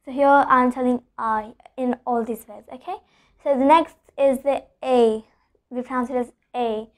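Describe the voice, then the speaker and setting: A woman's voice: sits high, steady tone, normal speed. A woman teaching an English pronunciation lesson, explaining rules and repeating each example word with frequent "okay?" checks.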